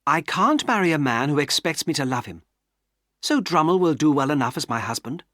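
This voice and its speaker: A man voicing a cold, proud young woman who speaks calmly and without feeling, in a dry storybook reading. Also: on the high side, brisk, no echo, voice pushed up. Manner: calm and detached.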